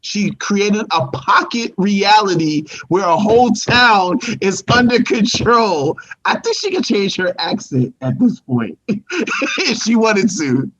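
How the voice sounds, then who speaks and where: A man's voice: sits high, big pitch swings, slow pace, a bit bright, lo-fi sound. A man co-hosting a casual review show who talks in an emphatic, slangy way. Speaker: podcast co-host.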